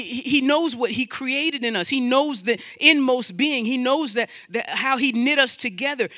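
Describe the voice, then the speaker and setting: A man preaching from the pulpit with a high, ringing voice. He speaks in an animated, repetitive style, quoting scripture and voicing inner doubts. The sound is close and dry. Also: no room sound. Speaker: pastor. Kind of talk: sermon. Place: church sanctuary.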